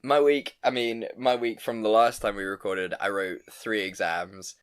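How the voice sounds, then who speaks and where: A man's voice: lowish voice, steady tone, a little slow, smooth. A man in his mid-twenties co-hosting a podcast, chatting casually, a little tipsy, rambling and laughing often. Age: 20s. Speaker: podcast co-host. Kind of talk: casual chat.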